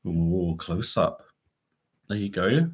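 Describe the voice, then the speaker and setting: A man's voice: low voice, animated, slow pace. Playful man hosting a live stream. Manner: camp, playful, teasing the audience. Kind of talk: chatty live-stream monologue.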